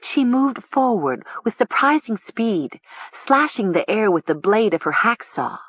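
A woman narrating a storybook in a measured, expressive way. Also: mid-range voice, slightly rough, no echo. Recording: dull lo-fi recording.

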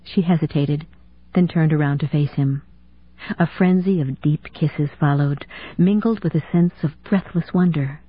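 Brief: low-ish, husky female audiobook narrator, steady delivery, thin phone-like sound. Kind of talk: scripted narration. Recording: dry tinny phone-like sound.

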